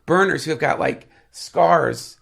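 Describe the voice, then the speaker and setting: Sniffly man with a gravelly voice. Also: a little high, a little slow, fairly bright tone. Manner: rambling, filler-heavy, profane storytelling. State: sniffly with a head cold. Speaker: podcast guest. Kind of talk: casual podcast chat.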